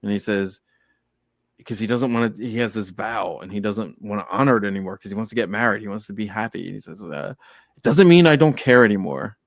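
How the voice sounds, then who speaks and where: A man's voice: on the low side, fairly even intonation, quick pace, vocal fry, fairly bright tone, no room sound, studio quality. Earnest man telling stories on a podcast. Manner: earnest storytelling, acts out quotes. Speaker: podcast co-host. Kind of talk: casual podcast chat.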